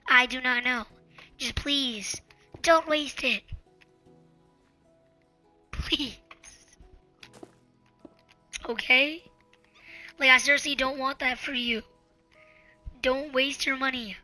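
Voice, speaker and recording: High, slow-talking earnest woman. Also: bright, forceful tone, soft background music. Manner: earnest, pleading, repetitive. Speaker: channel host. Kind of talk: casual advice monologue.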